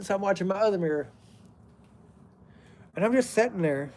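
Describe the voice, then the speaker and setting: A man's voice: high-pitched, fairly quick, pauses often, darkish tone. A middle-aged man telling a rambling story outdoors beside a fire, breaking off to greet viewers by name. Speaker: plumber telling stories on a live stream.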